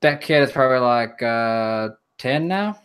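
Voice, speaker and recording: A man's voice: mid-range voice, expressive, unhurried, fairly bright tone, clean tone. Hesitant young man in casual chat. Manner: hesitant, stop-start, trails off. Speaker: podcast co-host.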